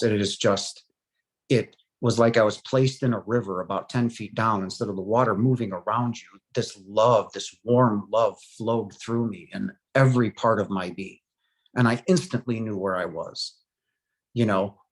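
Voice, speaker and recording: Steady in tone and on the low side in pitch, a middle-aged man relates his near-death experience, though the emotion makes him halt, pause frequently, and reach for fillers.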